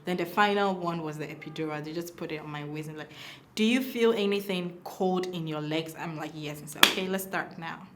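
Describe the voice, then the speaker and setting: A woman's voice: fairly quick, noisy background. A young woman telling a personal story in a casual way, acting out the voices of the people she quotes. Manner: animated, acts out quoted dialogue with big pitch swings. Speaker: mother telling her birth story.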